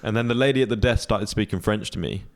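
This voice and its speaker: A young man telling a travel story on a podcast, relaxed and swearing freely. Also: fairly low pitch, fast talker. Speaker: podcast co-host. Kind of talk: casual chat.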